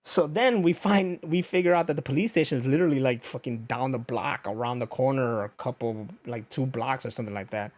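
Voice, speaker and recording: A young man hosts a podcast, delivering a casual storytelling rant at a fairly quick clip with few pauses and a medium-pitched voice. He's animated and profane, swearing a lot and acting out what other people said.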